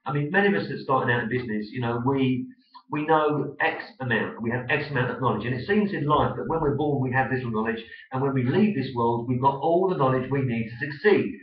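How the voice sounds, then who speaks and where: A man's voice: mid-range voice, quick pace. Essex-accented male host, rambling and friendly-casual, off-mic in a roomy space, muffled audio. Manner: chatty, rambling with many fillers. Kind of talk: business web show interview. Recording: echoey, distant, dull web-video sound.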